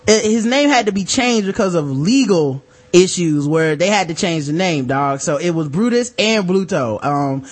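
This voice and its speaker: A man's voice: sits high, expressive, normal speed, hardly any pauses. A man co-hosting a podcast in casual chat, brash and teasing with provocative jokes. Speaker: podcast co-host.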